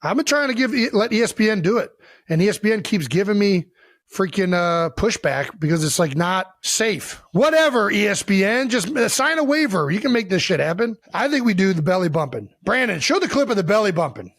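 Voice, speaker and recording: A man in his thirties from Ohio, co-hosting a casual podcast chat in a boisterous, excitable way and swearing freely. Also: sits high, a little fast, no echo. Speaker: podcast co-host.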